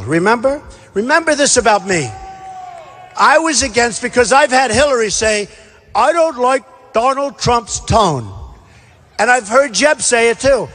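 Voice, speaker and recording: High-voiced man boasting at a rally. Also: fairly bright tone. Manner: boastful, repetitive, punchy emphasis. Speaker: political candidate at a rally. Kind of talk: campaign rally speech. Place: large indoor rally venue. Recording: long hall reverb at a rally.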